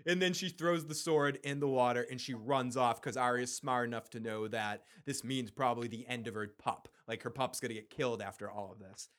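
A man casually recapping a TV episode, with animated, profane storytelling. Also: mid-range voice, fairly quick, few pauses. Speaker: podcast co-host.

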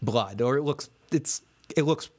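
A man's voice: medium pitch, a little slow, slightly rough. A man co-hosting a casual recap podcast, swearing freely, laughing often and reading listener comments aloud. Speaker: podcast co-host.

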